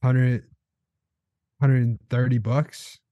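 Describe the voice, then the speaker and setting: Laid-back deadpan podcast guy, dry sound. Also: mid-range voice, slow pace, dry recording. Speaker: podcast co-host. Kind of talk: crude casual banter.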